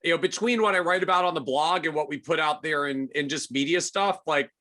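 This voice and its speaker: A man speaking as a podcast guest in casual chat, quick and self-deprecating. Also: fairly high pitch, bright, forceful tone.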